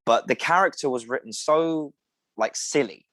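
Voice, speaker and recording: A man's voice: medium pitch, normal speed, no room sound. A young man, an actor from England, chatting as a podcast guest and telling anecdotes with acted-out quotes. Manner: animated storyteller, acts out quoted voices. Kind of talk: casual interview chat.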